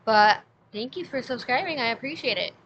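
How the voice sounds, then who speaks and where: A woman's voice: a little high, lively intonation, brisk, fairly bright tone. A woman streamer chatting casually and rambling with fillers, her breath short from asthma. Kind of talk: casual live-stream chat. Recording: slightly dull lo-fi mic, faint noise.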